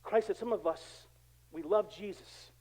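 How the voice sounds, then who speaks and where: A male pastor preaching a sermon in a casual, conversational way, swinging from quiet asides to loud emphatic bursts. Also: high-pitched, unhurried, rough recording. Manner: animated, conversational preaching with dramatic swings in volume.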